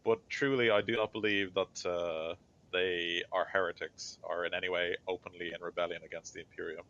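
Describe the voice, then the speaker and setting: A man voicing a composed female general who testifies at a trial in a measured, deferential way, on a dull lo-fi recording. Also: sits low, flat delivery, pushed and bright.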